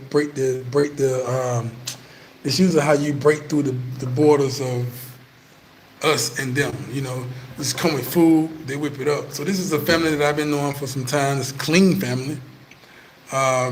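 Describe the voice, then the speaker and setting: A man's voice: medium pitch, slight background noise, low-quality recording. A man vlogging, telling a story to his viewers in profane, laid-back street talk.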